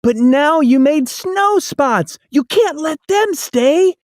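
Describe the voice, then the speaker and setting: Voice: sits high, lively intonation, slow pace, darkish tone, no room sound, clean studio sound, voice pushed up. A storyteller voicing a worried, flustered young boy who keeps crying out in alarm, for a storybook reading. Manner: anxious, exclaiming. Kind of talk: storybook read-aloud.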